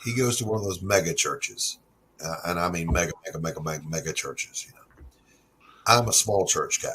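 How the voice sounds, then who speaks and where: A man's voice: deep voice, brisk, sharp tone, a little hiss or hum, low-quality recording. A middle-aged man hosting a casual stream chat, telling stories loosely and swearing freely. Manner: laid-back storyteller, swearing freely. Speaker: stream host.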